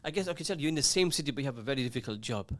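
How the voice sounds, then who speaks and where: A man's voice: medium pitch, lively intonation, very fast, fairly bright tone. A man hosting a radio talk show, giving earnest, emphatic advice that lists points and repeats them.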